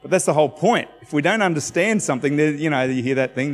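A man's voice: fairly high pitch, quick pace. A man preaching in an easygoing, conversational way, acting out the lines he quotes and laughing at himself. His voice carries a long hall reverb, with faint music playing underneath. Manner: conversational, self-deprecating, acts out quotes. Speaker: pastor. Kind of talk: sermon.

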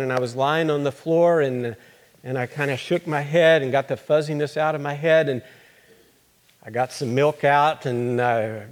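A man playing an earnest teenage girl basketball player in a first-person monologue, halting and repeating words as she remembers. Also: mid-range voice, close to an everyday voice.

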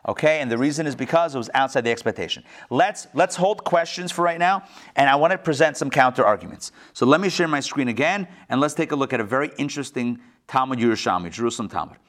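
A man teaching an online Talmud lesson, animated, repeating phrases and asking rhetorical questions, acting out the quotes in the stories he tells. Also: quick pace. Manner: acts out story quotes in varied pitch. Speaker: rabbi teaching a class.

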